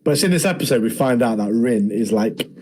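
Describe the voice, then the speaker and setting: A man co-hosting a podcast, relaxed and agreeable, often ending with tag questions. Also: medium pitch, brisk, husky, rough recording. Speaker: podcast co-host. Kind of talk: casual chat.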